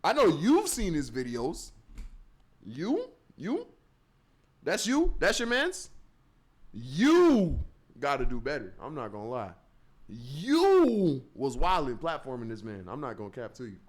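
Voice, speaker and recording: A young man reacts in casual slang as a co-host, his voice a little high and swinging widely in pitch. He often turns to talk straight to the viewers. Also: wildly swooping pitch, measured pace, long pauses.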